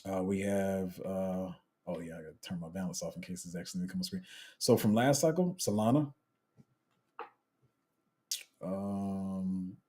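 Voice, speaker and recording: Young guy doing a live q&a, slangy and chatty, kinda dark mellow tone. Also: low-pitched, moderate pace, long pauses, slightly rough. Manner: chatty, slangy, trails off and restarts while multitasking. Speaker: crypto livestream host. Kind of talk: casual live Q&A, reading chat.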